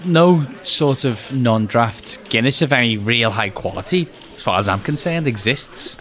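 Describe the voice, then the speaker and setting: Animated, chatty male podcast host. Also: medium pitch, a little slow. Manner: chatty, self-interrupting, often laughing. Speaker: podcast co-host reading a screenplay aloud. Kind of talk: casual podcast chat and script reading.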